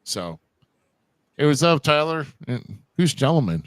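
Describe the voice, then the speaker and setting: A man co-hosts a relaxed wrestling recap show with a smooth, resonant voice. He keeps it loose and joking, throwing in bro and dude. The sound is dry and close. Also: a little high, a little slow, no room sound. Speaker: podcast co-host. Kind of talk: casual wrestling recap chat.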